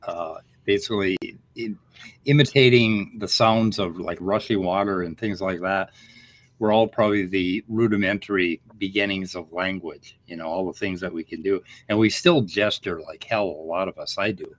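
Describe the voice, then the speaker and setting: A man's voice: sits low, moderate pace. A man co-hosting a casual chat show, rambling and a bit profane as he tells stories. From Minnesota, USA. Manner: rambling, profane, animated storytelling. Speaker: podcast co-host.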